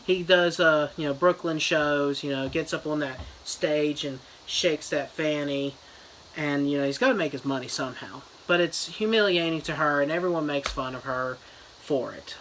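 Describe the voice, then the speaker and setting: A man's voice: a little high, moderate pace, a bit bright, slight background noise, rough recording. A man giving a crude joking fake book review, rambling with lots of "you know" and "uh".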